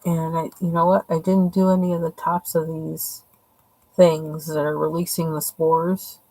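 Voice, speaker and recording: Low-voiced woman chatting casually. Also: little pitch movement, a little slow, dark tone, no room sound, poor audio. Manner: chatty, rambling, thinking aloud. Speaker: coloring channel host. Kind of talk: casual show-and-tell.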